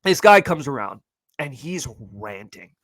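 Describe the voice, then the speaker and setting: A young man talks through his college stories with animated energy, saying "like" constantly. His voice is bright and forward. The sound is dry and close. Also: fairly high pitch, unhurried, no echo. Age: young adult. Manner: animated storytelling, heavy use of "like". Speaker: podcast host. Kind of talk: casual monologue.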